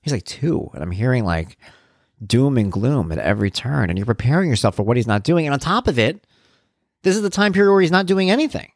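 Hosting his show, this parenting blogger rambles in a casual monologue about raising kids and his blog, poking fun at himself along the way. His medium-pitched, gravelly voice is very animated and brisk, captured with studio quality and no echo.

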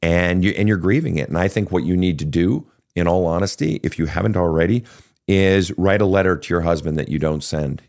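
A man's voice: low voice, darkish tone. A man hosting a call-in counseling podcast, talking frankly and earnestly to a guest, swearing now and then. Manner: frank, earnest, profane at times.

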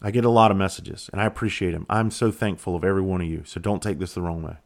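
Deep voiced guy on his podcast, blunt, swears a lot, kinda halting and reflective. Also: fairly even intonation. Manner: blunt, candid, swears freely. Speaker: podcast host. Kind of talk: casual solo podcast monologue.

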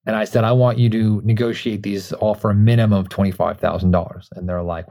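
A man's voice: on the low side, level tone, brisk, mellow. A man hosting a podcast, giving a motivational business talk in an emphatic way, repeating words for stress and shifting his pace a lot. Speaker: podcast host and coach.

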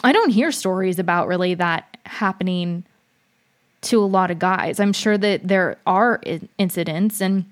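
A woman's voice: lowish voice, a little slow. Chatty frank young woman. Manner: frank, chatty, many fillers and restarts. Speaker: vlogger. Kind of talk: casual storytelling monologue.

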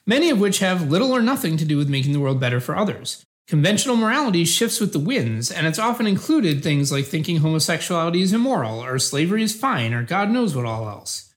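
With a calm mood, a high voice, and big swings in pitch, a man reads the part of an earnest debater. He defends utilitarian ethics in a scripted philosophical dialogue, staying measured and patient.

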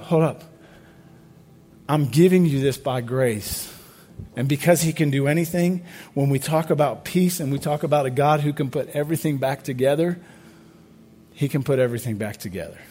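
Male pastor, high voice, casual sermon delivery with lots of questions to the congregation. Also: a little mellow. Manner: conversational, asks the crowd questions, repeats words.

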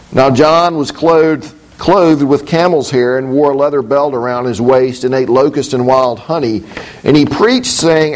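A man with a mid-range voice teaches from the Bible. He reads the passage in a measured, deliberate way. Then he explains it in thoughtful commentary, often pausing to find his words. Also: medium pitch, rough recording. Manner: thoughtful, explanatory, with frequent hesitations. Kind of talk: scripture reading and commentary.

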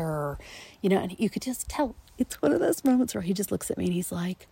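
A woman's voice: mid-range voice, sing-song, fairly quick, gravelly, warm tone, slightly rough, dry recording. A woman in her late forties hosting a solo podcast, talking reflectively and often dropping into a whisper. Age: 40s. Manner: reflective, frequently whispering and laughing. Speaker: podcast host. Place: outdoors in a backyard at night.

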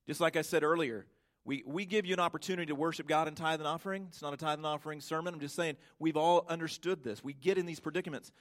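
Emphatic pastor with a higher voice. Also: male voice, steady tone, fairly bright tone. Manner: emphatic, stretches key words slowly, rhetorical questions to the congregation. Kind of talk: sermon.

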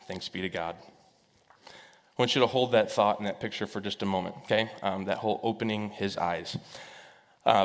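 A man's voice: medium pitch, a bit bright. A man preaching a sermon as a pastor, telling a Bible story in a loose, conversational way with frequent fillers. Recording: echoey hall reverb.

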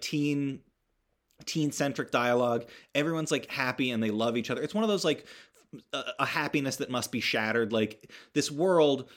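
For his podcast, a young man walks through a movie recap in a sardonic, mid-pitched voice, swearing now and then to make a point. His delivery is casual and rambling, studded with fillers, false starts and restarts.

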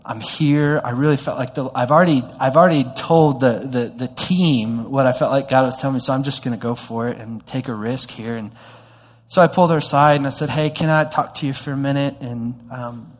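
A man telling a story in a sermon, animated and self-deprecating, with frequent restarts. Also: medium pitch, a little fast. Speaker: pastor. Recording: long hall reverb.

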